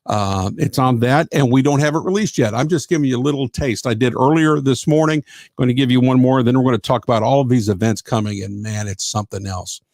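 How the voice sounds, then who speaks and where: Man hosting live radio, gravelly and chatty, quick with thanks and amens, dry close mic. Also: medium pitch, darkish tone, no room sound. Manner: chatty and effusive, with frequent thanks and "amen". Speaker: radio host. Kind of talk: live radio chat reading out listener comments.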